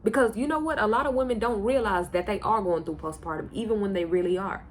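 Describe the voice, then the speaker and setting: A woman's voice: mid-range voice, fast talker, slight background noise. A young woman from Houston, telling a personal story in a candid, conversational vlog, talking straight to her viewers. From Houston, Texas. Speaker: vlogger.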